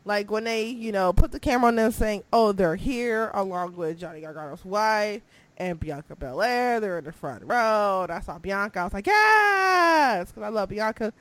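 A woman co-hosting a casual wrestling chat, animated, often exclaiming and acting out her own reactions. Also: medium pitch, normal speed, no echo.

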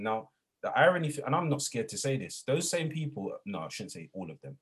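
A man with a husky, slightly hoarse voice, talking as an interview guest. He moves from a calm, reflective tone to an animated storytelling pace. His pitch sits in an ordinary middle range. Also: brisk. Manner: reflective, builds to animated retelling. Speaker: guest, educator and former youth worker.

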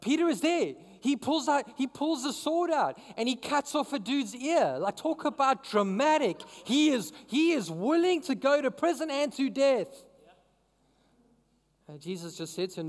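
A male pastor preaches in a loose, conversational way, often turning questions back to the congregation. His voice sits high for a man. It carries a long reverb, as if in a big hall. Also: animated, normal speed. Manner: conversational, asks the crowd questions. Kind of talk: sermon.

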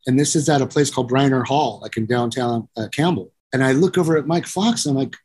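A man's voice: mid-range voice, fast talker, few pauses, darkish tone, slightly rough. A middle-aged man, a musician and producer, telling long profane stories and acting out the people in them. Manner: rambling and profane, acts out voices, keeps saying "you know". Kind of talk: casual storytelling interview.

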